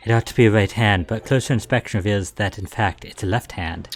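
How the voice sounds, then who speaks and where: A man's voice: lowish voice, fairly quick, slight background noise, close to an everyday voice. A man voicing an earnest young male defense lawyer in game dialogue, read plainly and steadily.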